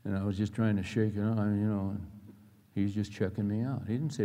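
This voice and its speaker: A man's voice: on the low side, steady tone, normal speed, long pauses, mellow. A middle-aged male pastor preaching a sermon, telling personal stories in earnest, folksy language. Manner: earnest storytelling with plain folksy phrasing. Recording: long reverb of a large hall.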